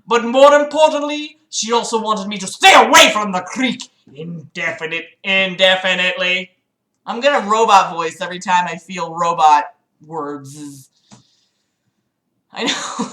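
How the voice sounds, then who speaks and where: On a streaming mic in an echoey room, a woman with a mid-range voice hosts a livestream, reading a book aloud in an animated, unhurried way. She keeps breaking off into sharp, sarcastic, exasperated commentary laced with swearing, turning it into a dramatic reading with mocking asides.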